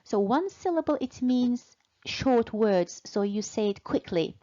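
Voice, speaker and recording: A woman teaching English in a slow, deliberate way, patiently repeating and stretching out key words for learners. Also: fairly high pitch, expressive, dark tone, muffled recording. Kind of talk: slow, deliberate language lesson.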